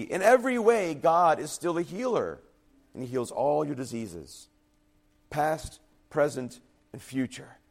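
Man, pastor, sermon, fervent and emphatic, slightly high voice, faltering at times. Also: darkish tone. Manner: earnest, emphatic preaching with rising intensity. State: voice faltering, drops quiet and husky.

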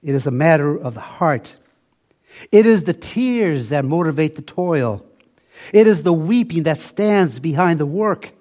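An older man preaching a sermon, slow and emphatic, often dropping to a soft, low voice for weight. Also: lively intonation.

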